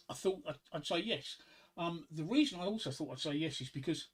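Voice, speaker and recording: Reading corny one-liners aloud between rambling tangents, a middle-aged man hosts a relaxed live stream from a home desk microphone. His voice runs a little high.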